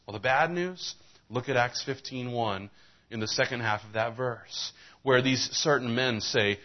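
A man's voice: medium pitch, unhurried, dull audio. A man preaching a sermon as a pastor, reading scripture and telling folksy jokes.

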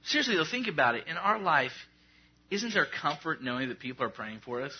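A man's voice: on the high side, very animated, brisk, husky, lo-fi sound. A man preaching a sermon as a pastor, in a conversational, joking way, acting out little prayer scenes.

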